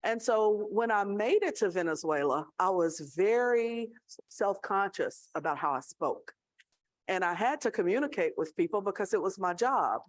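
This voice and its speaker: A woman's voice: mid-range voice, lively intonation, normal speed, no echo. A woman with a Southern American accent giving a conversational speech at a staff awards gathering, telling a story and checking in with her audience. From Tennessee, USA. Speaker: college student affairs leader.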